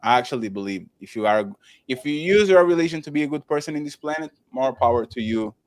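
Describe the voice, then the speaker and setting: A man's voice: mid-range voice, lively intonation, fast, no room sound. A man hosting a live-streamed talk show, chatting loosely, stumbling over restarts and thanking viewers by name. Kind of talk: casual live-stream chat.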